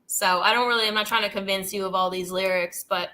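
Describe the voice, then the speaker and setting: Bright-voiced woman rambling casually. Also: medium pitch, fairly even intonation, fast talker, hardly any pauses. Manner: rambling, heavy use of "like" and "dude"; amused, laughs between thoughts. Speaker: channel host. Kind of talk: casual commentary chat.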